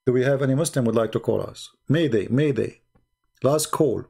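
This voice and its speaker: A man's voice: mid-range voice, normal speed, vocal fry, a little mellow, husky. A man hosting a live call-in debate show, talking in a blunt, mocking way with loose grammar.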